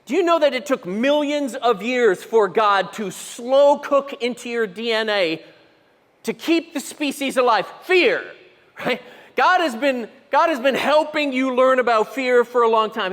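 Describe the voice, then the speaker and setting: A middle-aged male pastor with a high, light voice preaches in a church auditorium. His words trail off in a long hall reverb. He tells stories with animation, acts out the people in them, and keeps putting questions to the room. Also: expressive, normal speed, fairly bright tone. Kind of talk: sermon.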